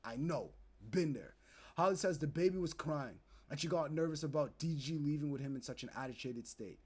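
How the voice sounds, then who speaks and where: Husky young man ranting to his live chat. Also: fairly high pitch, fairly quick. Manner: animated, profane, acts out quoted people. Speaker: streamer. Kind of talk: casual commentary to live chat.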